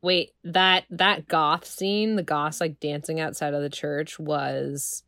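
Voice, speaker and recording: A woman's voice: low voice, fairly even intonation, slow pace, a bit bright, no room sound, studio quality. A woman co-hosting a casual podcast chat, swearing and laughing freely. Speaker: podcast co-host. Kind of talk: casual chat reviewing a TV show.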